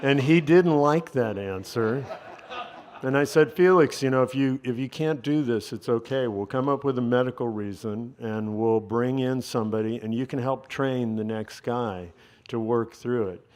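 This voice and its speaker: Male interview guest, mid-range voice, relaxed storyteller who voices the other people in his tale. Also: mid-range voice, moderate pace. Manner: conversational, acts out quoted dialogue.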